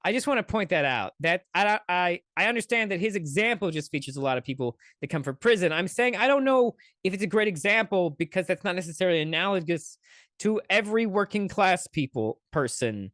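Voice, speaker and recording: A man's voice: high-pitched, lively intonation, a little fast, fairly bright tone, no echo, studio quality. A man hosting a podcast, giving sarcastic, swear-filled commentary on clips he plays. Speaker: podcast host. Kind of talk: casual commentary reacting to clips.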